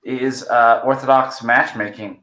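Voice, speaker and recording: A man's voice: medium pitch, fairly even intonation, measured pace, bright, forceful tone, roomy sound. A man joining a podcast over a video call, chatting casually and joking. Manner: joking, playful. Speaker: podcast guest.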